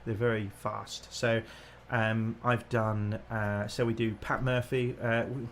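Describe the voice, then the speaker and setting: A man's voice: lowish voice, level tone, takes it slowly, slight background noise. A man co-hosting a casual livestream, chatting in a jokey, self-deprecating way about songs he sings. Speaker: shanty singer and co-host.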